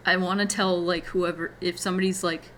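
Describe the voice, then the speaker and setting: Bright-voiced giggly young woman streaming. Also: fairly low pitch, flat delivery, a little fast, a little hiss or hum. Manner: giggly, chatty. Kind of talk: casual stream chat.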